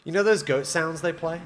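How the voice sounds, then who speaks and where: A man's voice: on the high side, very noisy. A man streaming a game live, talking to himself and his chat in an exasperated way as his builds fail. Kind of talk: live-streamed gameplay commentary.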